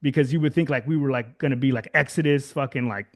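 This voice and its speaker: His voice sits in the mid-range and he talks fast. He's a thirtysomething guest musician from Southern California chatting casually in an interview, rambling through many fillers and restarts with frequent laughter.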